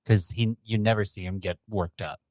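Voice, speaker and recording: A man's voice: fairly low pitch, steady tone, moderate pace, a little mellow, dry recording. A man co-hosting a podcast in casual chat, making dry, wry remarks. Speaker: podcast co-host.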